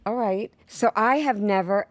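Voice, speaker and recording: A woman hosting a casual podcast chat, telling stories in a candid, animated way. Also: medium pitch, a little slow, no echo. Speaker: podcast host.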